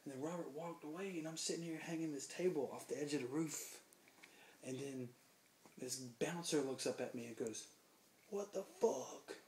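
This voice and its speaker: A man's voice: fairly high pitch, moderate pace. Drunk man telling a profane story. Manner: profane, animated, acts out quotes. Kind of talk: rambling anecdote. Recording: roomy with faint noise.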